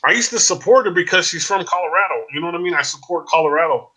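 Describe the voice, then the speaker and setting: A man in his forties, a guest in a casual chat over a video call, talking in an animated way and often asking "you know what I mean?". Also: high voice, quick pace, breathy edge.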